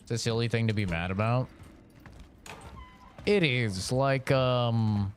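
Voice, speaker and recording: A man streams a game and gives live commentary, chatting in a rambling, casual way full of fillers. His voice is medium-pitched and slow-paced, with a little hiss or hum in the audio.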